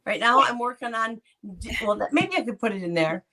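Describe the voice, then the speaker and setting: A woman's voice: a little high, animated, fairly quick, a loud crowd. Lady on a stream panel, voice bouncing up and down, trips over her words. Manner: hesitant, stumbling over words. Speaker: panel guest. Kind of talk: casual chat.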